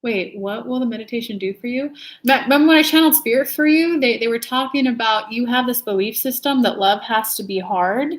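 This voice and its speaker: A woman's voice: on the high side, a little fast. A woman hosting a casual live stream, chatting animatedly and reading viewer comments aloud. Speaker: intuitive reader and channel host.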